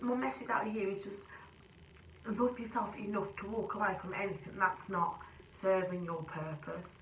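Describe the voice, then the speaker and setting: A young woman in her twenties pours out her feelings in a casual vlog, earnest and rambling. Her voice sits low. She is a little distant from the mic in a roomy, echoing space. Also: a little hiss or hum. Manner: emotional, earnest, rambling with restarts. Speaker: vlogger. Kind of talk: casual confessional chat.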